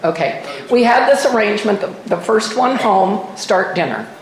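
A woman's voice: mid-range voice, very animated, moderate pace, echoey room, slight background noise, rough recording. Older woman telling a wry personal story. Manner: candid, self-mocking storytelling with wry humor. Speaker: speaker sharing at a recovery meeting. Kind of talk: personal testimony at a meeting. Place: meeting room. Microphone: microphone at a podium.

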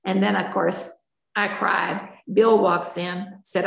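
A woman's voice: medium pitch, level tone, slow, creaky, reverberant, slight background noise, low-quality recording. An older woman telling her personal story at a recovery meeting, candid and emotional, in a chatty storytelling manner. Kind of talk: personal testimony.

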